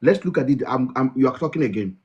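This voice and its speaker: A man's voice: mid-range voice, lively intonation, fast talker, a little mellow, breathy edge, highs cut off. A middle-aged Nigerian man with a Nigerian accent, hosting a heated live discussion and making his point emphatically, often repeating himself. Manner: emphatic, repetitive, lecturing. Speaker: host.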